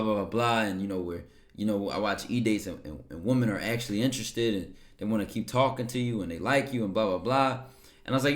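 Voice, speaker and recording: A man hosts a casual live stream, speaking in a somewhat low voice. He talks in a relaxed, rambling way and keeps checking in with his listeners. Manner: laid-back, rambling, keeps checking in with "right?". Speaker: livestream host. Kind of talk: casual chat to a live audience.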